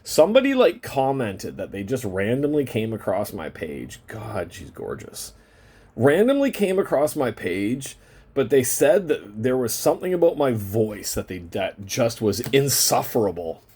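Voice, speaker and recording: Card-break host, male, husky voice, lively rambling pitch, stretches out phrase endings, casual cursing. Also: unhurried. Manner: draws out the ends of phrases; rambling, chatty, swears casually. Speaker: card-opening channel host. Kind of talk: casual chat while opening trading cards.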